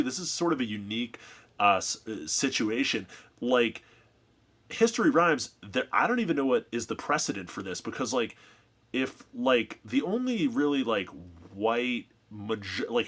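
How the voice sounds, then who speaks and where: Rambling podcast guest. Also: male voice, mid-range voice, a bit bright. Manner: rambling, heavy with "like" and restarts. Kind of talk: casual podcast chat.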